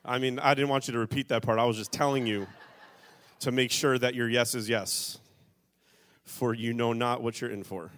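A male pastor preaching a sermon, drawing the congregation into call-and-response and reading scripture slowly and emphatically. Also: medium pitch, steady tone, fairly bright tone.

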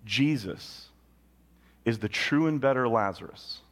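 A male pastor preaching a sermon, telling a story with big swings from loud and high to low and quiet. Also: a little slow. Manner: animated storytelling with sudden jumps in pitch and volume; drops low and quiet on solemn points.

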